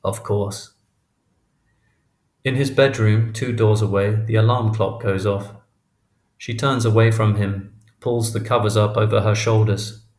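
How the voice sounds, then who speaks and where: A man reads a literary novel aloud in a steady, measured way. His voice is fairly low. The recording has a roomy echo around it. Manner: measured, even reading. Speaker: audiobook narrator. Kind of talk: scripted narration.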